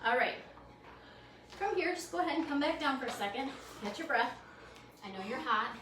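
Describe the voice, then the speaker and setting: In a library program room, an expressive, high-voiced yoga instructor delivers quick, upbeat encouragement, a little breathless while moving. The echoey recording is made from a distance, with a faint hum beneath her voice.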